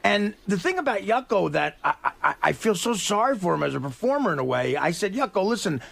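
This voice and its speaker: A comedian on the show who tells chatty anecdotes and laughs often. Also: male voice, high-pitched, very animated, fairly quick, creaky, fairly bright tone.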